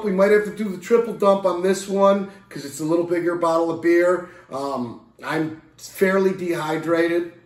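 Slow, chatty man in an echoey room. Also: a little high. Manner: rambling, chatty, self-correcting; playful sound effects and jokes. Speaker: beer reviewer. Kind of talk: casual beer review vlog.

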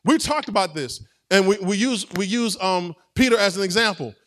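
A man's voice: high-pitched, animated, moderate pace, a bit bright. A man preaching a sermon as pastor, conversational and playful, with call-and-response to the congregation.

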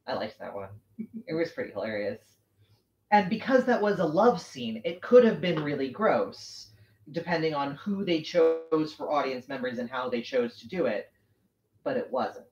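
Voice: mid-range voice, animated, moderate pace, a little mellow. A host chats casually while sewing, wandering through thoughts and restarting sentences with small laughs. The sound is muffled and roomy, like a home stream. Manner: rambling, self-correcting, laughs easily.

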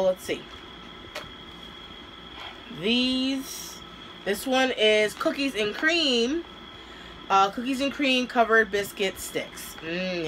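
A woman's voice: mid-range voice, a bit bright, a little hiss or hum, poor audio. A woman vlogger chatting casually and hesitantly as she unboxes and taste-tests snacks, with many fillers. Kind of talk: casual taste-test vlog.

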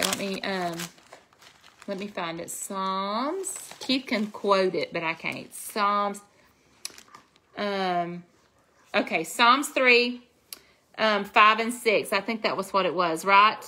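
A woman's voice: medium pitch, slow pace, pushed and bright, a little hiss or hum. A woman hosting a casual phone live stream, talking in a soothing, reassuring, folksy way.

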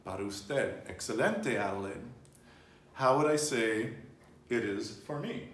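A man's voice: on the low side, unhurried, fairly bright tone. A man teaching a casual Spanish lesson, patiently prompting his learner and repeating her answers. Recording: roomy, distant mic with faint noise.

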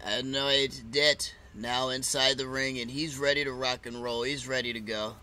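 Bright-voiced man on a live fight stream. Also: mid-range voice, fairly even intonation, moderate pace. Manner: loose, laughing, swearing fight chatter. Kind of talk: casual live reaction chat.

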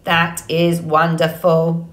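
A woman voicing a calm, polite female robot who speaks slowly and evenly in a storybook reading. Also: deep voice, roomy sound. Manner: slow, even, deliberate delivery.

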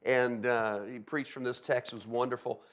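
A man's voice: medium pitch, fairly even intonation, moderate pace, fairly bright tone. A middle-aged man from Delaware preaching a sermon as a pastor, telling stories with sound effects and frequent "okay?" asides. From Delaware, USA.

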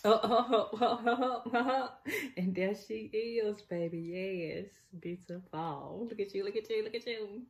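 A woman's voice: medium pitch, a little slow, few pauses. A woman filming a casual unboxing on her phone, gushing, laughing and repeating herself as she chats. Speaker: vlogger unboxing makeup. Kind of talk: casual excited unboxing chat. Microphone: phone camera.

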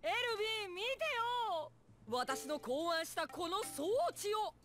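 An excitable eccentric female scientist, very high pitch, lively, game audio with music. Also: moderate pace. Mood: eager. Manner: giddy, wheedling, whooping. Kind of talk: Japanese anime game voice acting.

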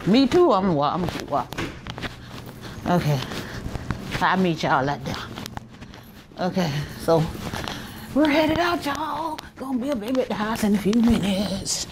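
A woman's voice: mid-range voice, sing-song, measured pace, pauses often. A worn-out middle-aged woman with a Southern US accent, chatting to her viewers as she walks through a hospital with her phone. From Alabama, US. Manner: chatty, talks straight to viewers while walking. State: tired, worn out. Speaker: vlogger. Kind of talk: casual handheld vlog chat. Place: hospital corridors and rooms, indoors. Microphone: handheld phone. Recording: noisy hospital ambience.

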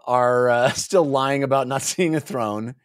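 A man's voice: medium pitch, a little slow, no room sound, clean studio sound. A man co-hosting a casual book discussion podcast, rambling and playful, with many fillers. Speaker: podcast co-host.

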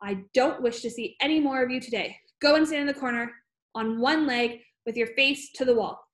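A woman's voice: high voice, brisk, roomy sound, close to an everyday voice. A woman reading an audiobook, voicing a huge bullying female headmistress who barks, bellows and sneers. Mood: bellowing.

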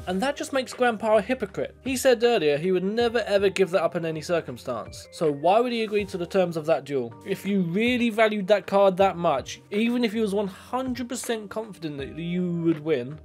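A man's voice: high-pitched, a little mellow. Male commentator, sarcastic and exasperated, with faint background music. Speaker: video commentator. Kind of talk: comedic commentary.

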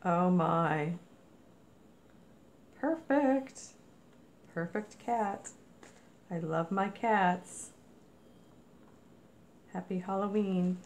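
A woman's voice: lowish voice, drawn-out words, pauses often, a little mellow, a little hiss or hum. A woman narrating a craft mail unboxing in a casual, gushing way, exclaiming often over each item. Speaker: crafting vlogger.

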